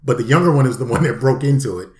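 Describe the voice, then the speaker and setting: A man co-hosts a casual podcast, steadily moving from one segment to the next. His voice is mid-pitched for a man. The room around him sounds noticeably roomy and reflective. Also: rapid-fire. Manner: steady, segment-running delivery. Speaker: podcast co-host.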